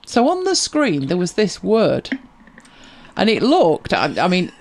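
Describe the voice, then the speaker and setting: Pitch swoops wildly around a medium center as this tech help show host speaks a little slowly. Laughing easily and chatting casually, they take viewer questions, frequently repeating words as they begin.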